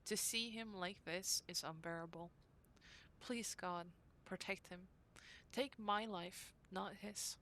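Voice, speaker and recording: A woman reading aloud the diary entries of a young woman devoted to her brother, in an earnest, unhurried way. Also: medium pitch, pushed and bright, a little hiss or hum. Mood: anxious.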